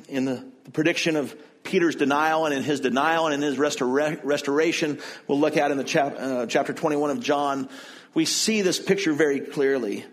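Conversational male preacher, fairly high voice. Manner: conversational, explains and retells the text; frequent restarts and self-corrections. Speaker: pastor. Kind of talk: sermon.

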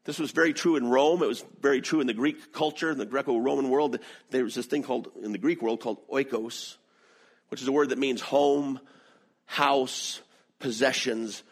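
A middle-aged man from the American South with a Southern accent, preaching a sermon with animated storytelling. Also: normal speed, breathy edge. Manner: animated storytelling with lively swings in pitch. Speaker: pastor.

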